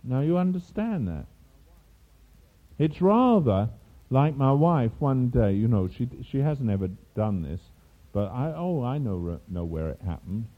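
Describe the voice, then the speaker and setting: This older man from England preaches at a medium pitch, a little slowly, narrating a story with lively asides and laughter. The recording has a tinny, phone-like quality.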